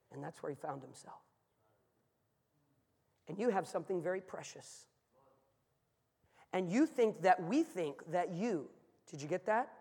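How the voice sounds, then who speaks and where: A high-pitched man preaches in a large church, and his voice trails off in a long hall reverb. He tells stories, dropping to a hush and then rising to a shout. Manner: storytelling, swings from hushed to shouting. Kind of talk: sermon.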